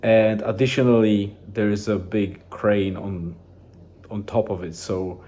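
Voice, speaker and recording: Low, dark-voiced man rambling casually. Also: unhurried. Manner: rambling, relaxed, with many restarts and fillers. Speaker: vlogger. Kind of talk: casual daily journal vlog.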